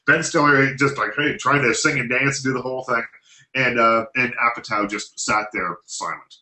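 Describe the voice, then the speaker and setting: Bright-voiced man telling a story. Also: mid-range voice, normal speed, reverberant, poor audio. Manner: animated anecdote telling, laughs often. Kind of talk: casual chat, storytelling.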